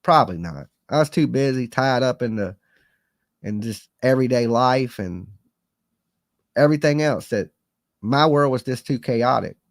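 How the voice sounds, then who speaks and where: A man's voice: medium pitch, expressive, normal speed, long pauses, no echo. Earnest rambling man, dry close sound. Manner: rambling, earnest, folksy with slang. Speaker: live-stream host. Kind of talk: casual live-stream chat.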